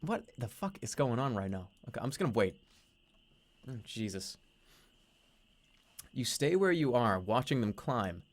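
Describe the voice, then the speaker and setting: A man with a mid-range voice reads the narration of a text adventure aloud on a stream. He reads dramatically, then drops into loose, jokey asides with casual swearing. He sounds close to a desk mic. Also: mid-range voice. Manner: playful, swears casually, laughs at himself. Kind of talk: reading game text aloud with joking commentary.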